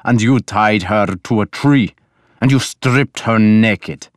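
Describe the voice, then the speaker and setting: A man's voice: lowish voice, no echo, studio quality. A man voicing a grim, harsh Viking lord. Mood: menacing. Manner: slow, harsh, menacing delivery. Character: stern angry Viking lord, grim and commanding.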